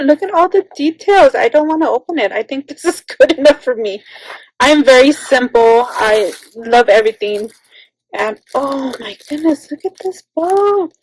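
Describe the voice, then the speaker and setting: Excitable woman craft host, high voice, gushing unboxing chatter. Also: no room sound, low-quality recording. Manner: gushing, gasping, repeats "how cute". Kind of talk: casual unboxing chat.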